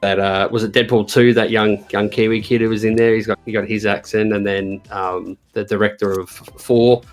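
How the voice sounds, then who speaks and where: A man's voice: fairly low pitch, level tone, moderate pace, few pauses, soft background music. A man in casual chat as a guest, talking with many ums and restarts. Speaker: podcast guest.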